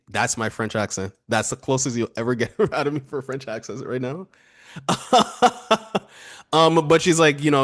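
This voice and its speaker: A man's voice: fairly low pitch, unhurried, fairly bright tone. A man co-hosting an album review show, chatting casually and laughing often as he reads lyrics aloud. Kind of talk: casual music review chat.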